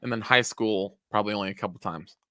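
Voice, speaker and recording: A young man chats on his podcast in a bright, forceful voice, recorded close and dry. He rambles from story to story, stumbles over his own words and swears freely. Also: fairly low pitch, fast talker, no echo. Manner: rambling, self-interrupting, swears often. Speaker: podcast co-host. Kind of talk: casual chat.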